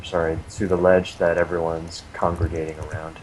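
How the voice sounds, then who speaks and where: A man's voice: sits low, level tone, normal speed, noisy background. A man playing a tabletop game, talking with dry, teasing banter. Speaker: player.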